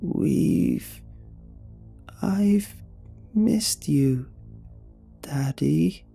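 Guy doing a high creepy little-girl voice, drawn out, wheedling, horror story. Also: animated, gravelly, mellow, slightly rough, faint music behind, exaggerated voice. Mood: pleading. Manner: sing-song, wheedling, slow and drawn out. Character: creepy little girl voice of a skin-wearing thing.

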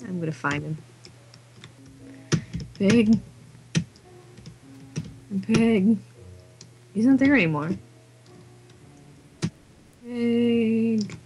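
A woman's voice: medium pitch, animated, slow, pauses often, darkish tone, faint music behind, poor audio. An exhausted woman gamer chatting to herself during late-night gameplay, giggling as she goes. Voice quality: giggly, talks to herself and the game. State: exhausted, sleepy.

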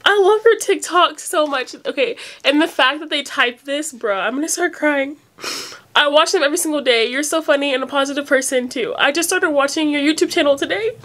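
High-voiced young woman, rambling and teary. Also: fairly quick, fairly bright tone. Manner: rambling, emotional, near tears, many "like" fillers. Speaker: vlogger opening fan mail. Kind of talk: casual unedited phone vlog. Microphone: phone.

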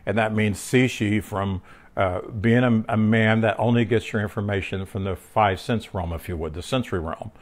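A man with a lowish voice at normal speed gives a casual, conversational Bible teaching. He rambles, restarts sentences often, uses lots of filler words, drifts into personal stories, and checks in with his listener through tag questions.

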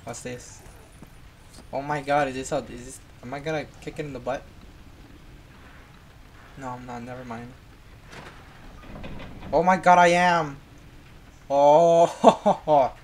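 A gamer giving casual, playful gameplay commentary, excitable and teasing a friend throughout. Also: mid-range voice, slow pace, pauses often, a little hiss or hum.

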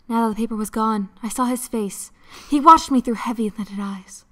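Breathy dramatic narrating woman. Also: a little high, normal speed, few pauses, bright, forceful tone. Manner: breathy, seductive reading voice. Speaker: game co-host.

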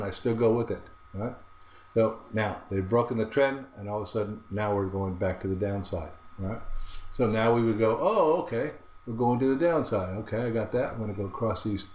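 A man giving a trading lesson over a chart, often checking in with rhetorical questions and repeating his phrases. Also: mid-range voice. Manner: repetitive, asks rhetorical "right?" checks. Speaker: trading instructor. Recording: roomy echo.

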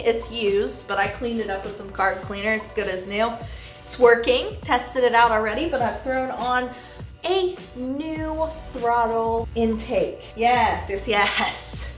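A woman's voice: a little high, takes it slowly. Upset, tearful woman vlogger in an echoey room. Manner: candid, swears, laughs between lines. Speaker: motorcycle vlogger. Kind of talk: casual vlog chat. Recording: echoey room with faint music.

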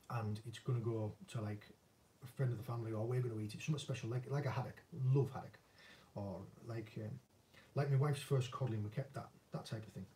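There's slight background noise behind this mid-range, dark-toned male voice, which is a bit distant from the mic. With a northern English accent, the angling vlogger, once a commercial fisherman, fields viewer questions casually and self-deprecatingly.

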